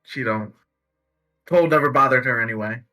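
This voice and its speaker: A tabletop player talks through his character's moves with plenty of pauses and fillers. His voice has a bright, clear edge. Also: mid-range voice, far from the mic, soft background music. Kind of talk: casual tabletop role-play.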